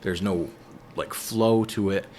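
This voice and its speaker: A man co-hosting a podcast, making a thoughtful, measured point in casual discussion. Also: deep voice, steady tone, darkish tone, a little hiss or hum. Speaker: podcast co-host.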